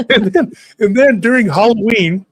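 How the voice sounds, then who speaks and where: A man in his forties casually telling a lively childhood story, acting out family members' voices along the way. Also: high voice, slightly rough, dry recording.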